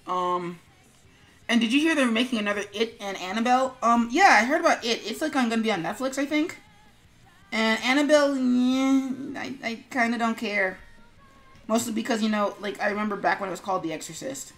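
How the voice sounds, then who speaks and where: A woman's voice: on the high side, fairly quick, soft background music. A woman streamer chatting casually to viewers while she works on an animation, rambling with lots of fillers and mumbling to herself.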